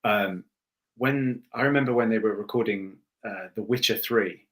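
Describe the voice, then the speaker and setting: A man's voice: on the low side, moderate pace, fairly bright tone. A male voice actor chatting as a podcast guest, rambling with restarts and self-mocking swears. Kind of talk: casual podcast chat.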